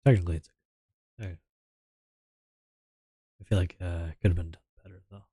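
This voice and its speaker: Male streamer, casual rambling chat, very low flat voice, dry close sound. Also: a little fast, breathy edge, no room sound. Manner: meandering, mumbling, trailing off.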